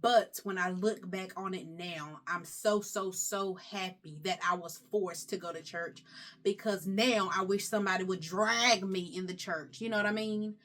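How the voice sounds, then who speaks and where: A woman's voice: medium pitch, steady tone, normal speed, a bit bright. A young woman vlogger chatting casually, talkative and emotional, rambling as she talks. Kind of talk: casual chat.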